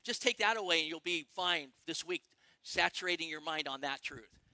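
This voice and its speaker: A middle-aged male pastor preaching a sermon, excitable and animated, firing questions at the congregation. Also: fairly high pitch, no echo. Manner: excitable, quick bursts, asks the congregation questions.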